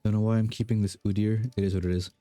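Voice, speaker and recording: A man's voice: on the low side, flat delivery, racing, warm tone, dry recording, soft background music. A young man streaming a game, casually rambling through questions with lots of fillers and self-deprecating asides. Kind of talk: casual chat while gaming.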